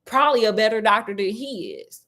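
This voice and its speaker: A gruff, cursing poisons expert with a scheming streak, put on by a woman storyteller. He snaps at visitors and fakes his concern. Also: medium pitch, sing-song, brisk, a bit bright.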